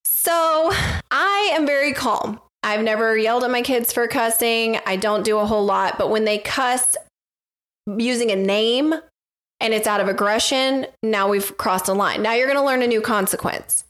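A woman's voice: a little high, moderate pace, a bit bright. A woman on a podcast, telling a candid, self-assured story in casual chat.

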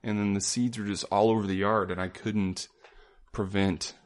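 A man's voice: lowish voice, steady tone, moderate pace. A man co-hosting a podcast in casual, joking chat, teary-eyed from itchy eyes. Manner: jokey, rambling, rubs itchy eyes. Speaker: podcast co-host.

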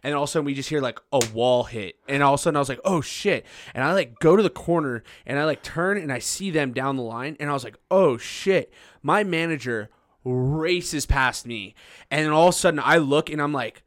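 A man in his twenties, a podcast host, telling a story casually, laughing and loudly acting out what people said. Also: on the high side, fast talker, no echo, studio quality. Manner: animated, laughing, acts out quotes loudly.

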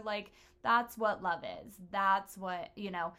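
A woman's voice: medium pitch, takes it slowly, pushed and bright. A woman hosting a casual chat, telling personal stories in a blunt, profane way.

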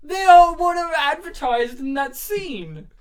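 An Australian woman hosting a casual movie podcast, teasing her co-hosts with quick jokes and asides. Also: high-pitched, very animated. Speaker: podcast host.

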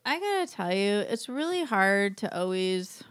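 A woman's voice: medium pitch, big pitch swings, normal speed, smooth, no echo. A woman co-hosting a casual chat, joking and talking with lots of "like".

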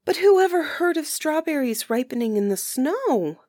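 A woman voicing a poor, gentle young stepdaughter in a storybook, pleading and plaintive. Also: mid-range voice, animated, normal speed, dry recording, clean studio sound, lightly acted. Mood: wondering.

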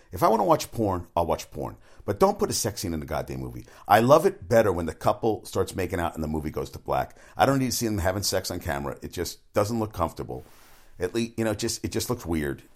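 Low-voiced rambling sports talk man. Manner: meandering, blunt, swears, many restarts. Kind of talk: rambling casual monologue.

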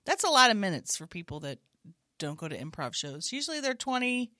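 A woman improv comedian in casual, jokey comedy banter with an animated delivery. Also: medium pitch, fairly quick, no room sound, studio quality. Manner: animated, jokey, slips into character voices.

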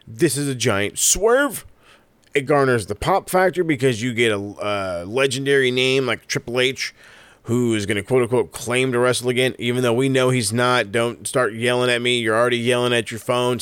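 A man talks wrestling bookings in a loose, profane ramble. His voice is clean and smooth, at a middle pitch. It sits close and dry on the mic with no room around it. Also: fairly bright tone, no echo. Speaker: wrestling commentator. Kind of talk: casual solo commentary.

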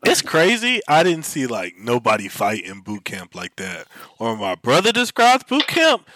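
A man's voice: medium pitch, huge pitch swings, a little slow, bright, forceful tone, a little hiss or hum. A man joking and teasing in casual banter. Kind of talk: casual chat.

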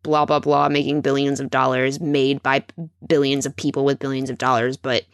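A woman's voice: a bass voice, level tone, moderate pace, clean tone, no echo, clean studio sound. A woman from Missouri co-hosting a podcast, chatting casually with wry asides. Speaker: podcast co-host. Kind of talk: casual chat.

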